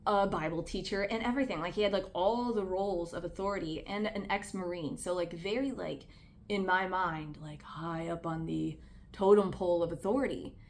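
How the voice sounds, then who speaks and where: A woman's voice: on the low side, normal speed. Candid woman vlogging casually. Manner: candid and conversational, heavy use of "like"; earnest, speaks out about personal experience. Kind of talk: casual commentary to camera.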